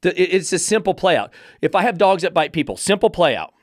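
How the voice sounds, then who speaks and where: Male podcast host, dog trainer. Fired-up, sarcastic rant, slightly high voice, dry sound. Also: very animated, fast talker, dry recording. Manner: swears freely.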